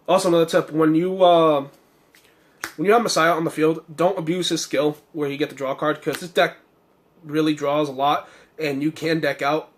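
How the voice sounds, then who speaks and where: Young male deck reviewer, slightly higher voice, hoarse, rambling casual delivery full of "um" and "uh". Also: little pitch movement, moderate pace, long pauses. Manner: rambling, many fillers and self-corrections. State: slightly hoarse, losing his voice. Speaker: card game deck reviewer.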